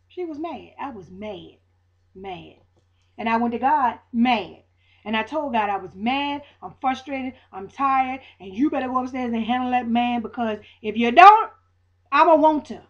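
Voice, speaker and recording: A woman's voice: medium pitch, dull audio. A woman giving a casual spoken faith testimony to viewers in Southern US vernacular, preachy, repeating her lines for emphasis. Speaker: vlogger sharing a faith testimony.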